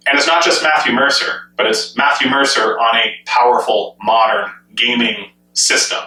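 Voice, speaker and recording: Man, very bright tense voice, eager rhetorical questions, echoey room, mic set back. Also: mid-range voice, steady tone, normal speed, recorded from a distance. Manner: enthusiastic, asks many rhetorical questions. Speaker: gaming commentator. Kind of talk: speculative solo commentary.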